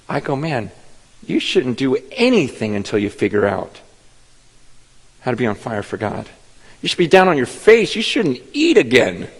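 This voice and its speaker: A man preaching a sermon with passion, often stammering and repeating words and acting out the voices he quotes. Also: medium pitch. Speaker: pastor. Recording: long hall reverb.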